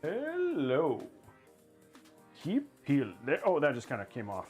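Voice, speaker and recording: A man hosting a casual livestream while building a PC, excitable and rambling as he hypes the viewers' goals. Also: medium pitch, quick pace, faint music behind.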